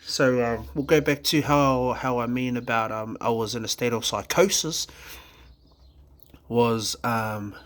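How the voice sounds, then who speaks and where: With a fairly bright tone in a mid-range voice, a Kiwi-accented vlogger from New Zealand recounts his recovery. The testimony is candid and halting, peppered with fillers, restarts and casual swearing.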